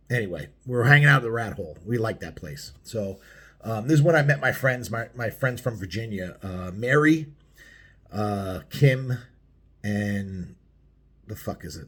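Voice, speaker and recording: A man's voice: mid-range voice, breathy edge. A middle-aged man telling a biker story in a casual vlog, swearing a lot and rambling with many fillers. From United States.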